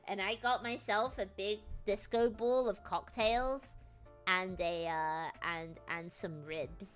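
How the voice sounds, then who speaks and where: A woman from northern England chatting casually on a live stream, excitable and rambling, with faint music behind. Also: mid-range voice, slow pace.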